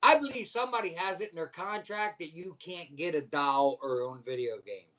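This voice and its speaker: Animated, profane storytelling man. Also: on the high side, fairly quick, distant mic. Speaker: guest, former pro wrestler. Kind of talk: storytelling in casual chat.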